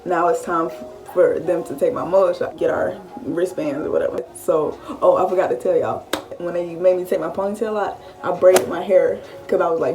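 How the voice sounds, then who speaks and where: A woman in her late teens, telling a story-time vlog in a casual, animated style. She swears freely and often acts out what she was thinking. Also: lowish voice, normal speed, distant mic, music in the background. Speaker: vlogger.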